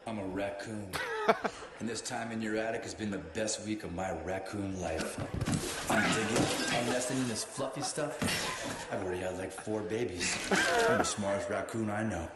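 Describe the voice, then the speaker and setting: A cocky raccoon brags in a lowish, sly voice, as a man acts him out for a comic TV ad. The sound comes through speakers into a big echoing hall with a long tail, and loud noise rides under it. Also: normal speed, close to an everyday voice. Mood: smug. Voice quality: sly, self-satisfied delivery. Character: cheeky smug male raccoon in an attic. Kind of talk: comic TV ad voice-over.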